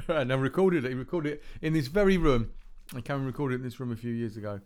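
Rambling podcast host. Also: male voice, medium pitch, fast, darkish tone. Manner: rambling, self-deprecating, frequent restarts. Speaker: podcast host playing music tracks. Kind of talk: casual podcast chat. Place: home recording room.

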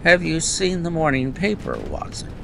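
A man reading a calm, clever detective who speaks in a dry, wry, brisk way in a storybook. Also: fairly high pitch, creaky, slight background noise, pitched above the performer's own voice, heavily acted. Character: calm clever male detective in his prime.

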